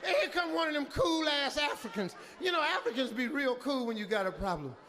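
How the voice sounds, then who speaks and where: An older man doing stand-up storytelling, loud and animated, often shouting his punchlines. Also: very high voice, fairly quick, a crowd in the background, background noise. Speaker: stand-up comedian. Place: comedy stage. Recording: live hall reverb, faint ambience.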